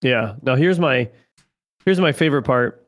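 A man co-hosting a casual podcast, retelling a TV episode and acting out its lines in an animated way. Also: mid-range voice, moderate pace, highs cut off. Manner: animated retelling, acts out quotes. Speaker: podcast co-host. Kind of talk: casual recap chat.

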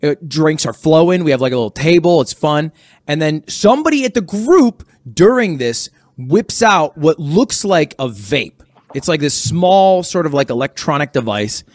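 A man's voice: on the high side, lively intonation, normal speed, no echo. A young man telling a story in a casual podcast chat, rambling and sheepish, with many fillers and restarts. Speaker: podcast guest.

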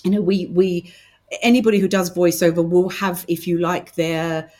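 Chatty British woman, lowish voice. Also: fairly even intonation, normal speed. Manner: chatty, warm storytelling with many restarts. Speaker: podcast guest. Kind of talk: casual interview chat.

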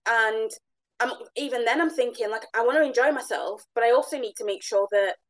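A woman's voice: fairly high pitch, brisk, low-quality recording. A woman hosting a podcast, chatting casually and agreeing often as she draws out her guest. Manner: warm interviewer, frequent brief agreement. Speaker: podcast host. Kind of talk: casual chat.

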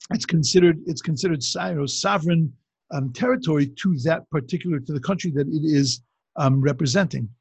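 A man's voice: on the high side, vocal fry, a little mellow, breathy edge, dry recording. A man giving a religious teaching talk, telling stories in a loose, conversational way with frequent restarts. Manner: conversational storytelling with many restarts. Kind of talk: Torah class talk. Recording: dull lo-fi recording.

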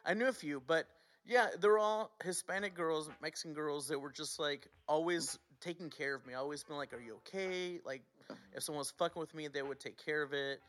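A man's voice: on the high side, fairly quick, a bit bright. A man co-hosting a podcast, telling personal stories in casual chat, candid and swearing freely. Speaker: podcast co-host.

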